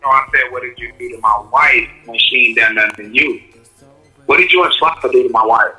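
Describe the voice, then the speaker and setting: A man's voice: medium pitch, fairly quick, sharp tone, echoey room, soft background music, low-quality recording. A man in a heated livestream argument, crying and pleading, repeating himself again and again. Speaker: livestream guest.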